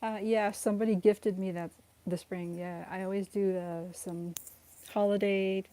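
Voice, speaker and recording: On her cat rescue livestream, a young woman chats casually at home as the cats play. Her voice is warm and steady, her pace measured. She laughs often, giggling, and coos to the cats in a high, coaxing tone.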